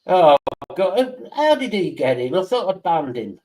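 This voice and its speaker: Animated, blunt man. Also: high-pitched, measured pace, poor audio. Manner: swearing, blunt, animated storyteller. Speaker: stream host. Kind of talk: casual chat, storytelling.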